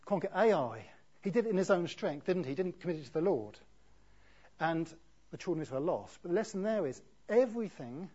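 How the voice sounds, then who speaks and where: A man preaching a sermon in a conversational way, often asking rhetorical tag questions, with a husky voice. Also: a little high, warm tone. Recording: dull lo-fi recording.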